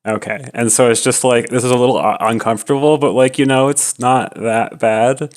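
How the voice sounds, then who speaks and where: A man's voice: medium pitch, steady tone, moderate pace. A man streaming a game, telling a rambling casual story full of "like" and "you know" and breaking into nervous laughter.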